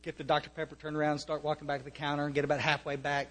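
An American man speaks earnestly to a recovery meeting, with a fairly high voice. He restarts his sentences often and slips in wry humor. His voice carries a long reverb from a meeting hall. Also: completely flat delivery, racing, noisy background. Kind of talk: personal testimony to an audience.

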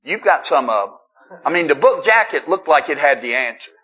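A man's voice: a little high, very animated, fairly quick, sharp tone, slightly rough, soft background music, rough recording. A middle-aged man speaking at a recovery meeting, telling his story in a casual, humorous way, often stammering and restarting. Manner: conversational storytelling with self-deprecating humor. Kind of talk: personal testimony talk. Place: meeting room.

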